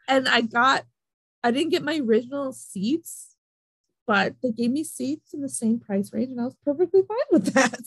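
Young woman ranting to a friend, kinda husky, higher voice, dry sound. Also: normal speed, dry recording, poor audio. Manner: animated storytelling, lots of "like". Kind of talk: casual chat.

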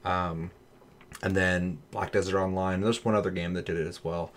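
Low-voiced man in animated, profane chat. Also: moderate pace. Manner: animated, swears a lot, acts out voices in his stories. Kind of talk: casual chat.

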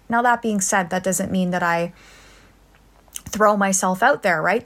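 A young adult woman hosting a reflective solo podcast, soft-spoken and earnest, pausing often. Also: mid-range voice, gravelly. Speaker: podcast host.

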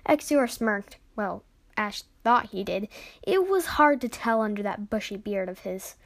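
A woman hosting a podcast and narrating a serialized adventure story in a playful, lively way. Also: medium pitch, a little slow.

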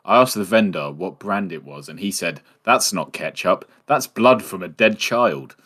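A man's voice: low-pitched, lively intonation, normal speed, fairly bright tone, breathy edge. A man co-hosting a casual podcast, reading short horror stories aloud in a laid-back, hesitant way. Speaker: podcast co-host.

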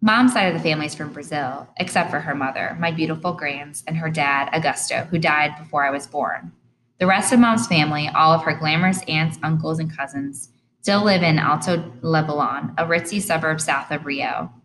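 A woman reads an audiobook in the first person, earnest and plain in her storytelling. Her voice sits a little low, with a faint hiss beneath the recording. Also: moderate pace, fairly bright tone, poor audio. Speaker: audiobook narrator.

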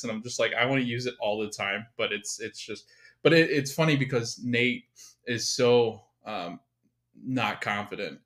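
A man's voice: medium pitch, pushed and bright. Man chatting eagerly about a show. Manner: enthusiastic, quotes characters, laughs. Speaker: podcast co-host. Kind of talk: casual episode recap chat.

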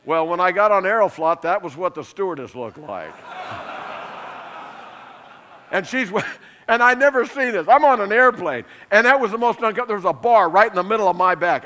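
A middle-aged man preaching a sermon, lively and emphatic, telling funny stories and laughing along. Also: high-pitched, fairly quick, a little hiss or hum. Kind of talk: sermon with humorous storytelling.

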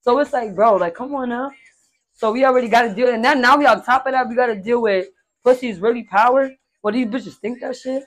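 A woman hosting a podcast, talking in a loose, casual way. Her voice sits a little high, and she is blunt and profane, getting animated as she tells stories. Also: a little fast. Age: adult with a stepdaughter and son. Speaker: podcast host.

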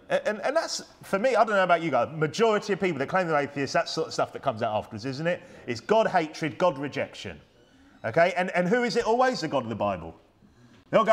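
British guy preaching, fairly high voice that swings all over, keeps asking the crowd questions. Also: expressive, brisk. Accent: British English. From United Kingdom. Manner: emphatic, conversational preaching with rhetorical questions. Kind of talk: sermon.

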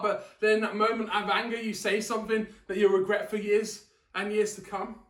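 A man preaches a sermon in a loose, conversational way, often restarting his words and putting questions to his listeners. His voice is high. He stands away from the mic in an echoey church hall. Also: level tone, a little fast, fairly bright tone. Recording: echoey room, distant mic.

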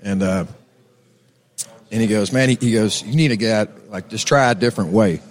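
A man's voice: on the low side, moderate pace. A man with a Texan accent, telling rambling stories as a musician guest on a casual chat show. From Texas. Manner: laid-back, rambling, laughs often.

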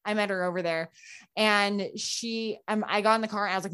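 A woman guest telling a personal story in casual talk, animated and full of "like" fillers, acting out the voices of people she quotes. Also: medium pitch, brisk, clean tone. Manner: chatty, frequent "like" fillers. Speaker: podcast guest.

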